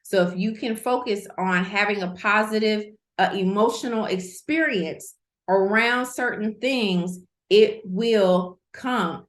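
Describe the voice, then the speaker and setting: A middle-aged woman hosting an online masterclass, teaching in a lively, conversational way and repeating key points for emphasis. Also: medium pitch, takes it slowly. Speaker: host, coach. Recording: roomy echo.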